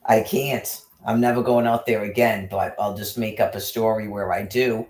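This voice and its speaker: A man's voice: on the low side, steady tone, normal speed, darkish tone. A man telling a rambling comic story in casual chat, laughing often and acting out quotes. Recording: roomy echo.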